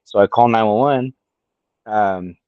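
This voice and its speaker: Man, late thirties, low voice, casual podcast storytelling, cursing freely, dry dull recording. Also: unhurried, clean tone, no room sound. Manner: profane, storytelling, animated quoting. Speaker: podcast co-host.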